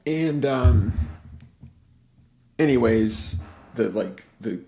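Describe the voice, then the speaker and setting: A man hosting a podcast, casually and excitedly retelling a film with lots of "like" fillers. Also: mid-range voice, extremely slow. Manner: rambling, animated movie retelling full of "like". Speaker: podcast host.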